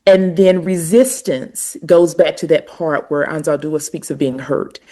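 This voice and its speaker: Middle-aged Southern US woman, lowish voice, measured and emphatic podcast guest. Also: steady tone, dark tone. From Southern United States, North Carolina. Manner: reflective, explanatory, emphatic. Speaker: guest, language educator. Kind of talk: conversational interview.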